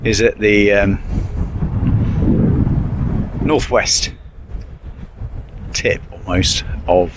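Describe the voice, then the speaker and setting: A man in his fifties talks to a handheld camera in a casual, self-mocking vlog, his voice sitting a little low. Strong wind and crashing waves buffet the microphone around him. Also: drawn-out words, long pauses. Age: 50s. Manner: chatty, wry, self-mocking. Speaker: van life vlogger. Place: outdoors on a windy coast and inside a van. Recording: wind noise on the mic.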